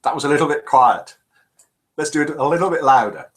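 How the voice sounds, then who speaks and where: A man's voice: a little high, animated, fairly quick, fairly bright tone. A man hosting a casual live stream, chatting and reading out viewer messages. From England. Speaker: live show host.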